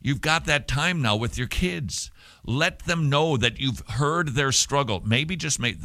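A man with a bright, forceful voice teaches parents about Christian counseling. He speaks earnestly and emphatically, rising sharply in pitch on key words. The sound is close and dry. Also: unhurried, no echo. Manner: earnest, emphatic, animated with sudden rises in pitch.

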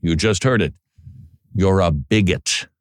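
A man's voice: sits low, measured pace, no echo, clean studio sound. A man hosting a commentary show, talking straight at listeners in an emphatic, sarcastic way and stumbling over his words when he reacts. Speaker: commentary host. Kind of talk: political commentary monologue.

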